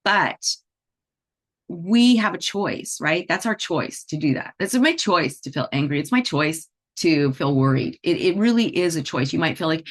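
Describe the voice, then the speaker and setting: Low-pitched middle-aged woman, casual teacher who talks things through with the listener. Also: animated, moderate pace, fairly bright tone. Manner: chatty, with frequent "you know" and "right?" asides. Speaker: animal Reiki teacher. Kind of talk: conversational teaching talk.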